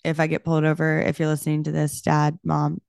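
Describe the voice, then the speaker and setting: A young woman, a realtor hosting her own podcast, telling a story in an animated, casual way and saying "like" a lot. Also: deep voice, fast talker, creaky, clear, resonant tone, no room sound, studio quality. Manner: animated, talks with her hands, heavy use of "like".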